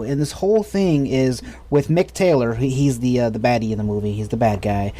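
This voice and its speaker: A man's voice: medium pitch, brisk, mellow. An American man in his thirties, co-hosting a podcast in a rambling, enthusiastic casual chat full of restarts. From United States. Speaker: podcast co-host.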